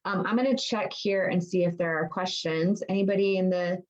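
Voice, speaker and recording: Energetic woman coaching a group live. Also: on the low side, moderate pace, dull audio. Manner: energetic, acts out inner dialogue with rhetorical questions. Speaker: mindset and nutrition coach. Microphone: computer mic on a video call.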